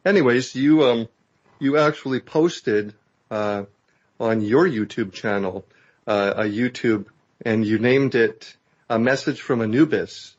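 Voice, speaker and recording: A man hosting a casual interview, speaking conversationally with many pauses and fillers. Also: mid-range voice. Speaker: host. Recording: dull lo-fi audio.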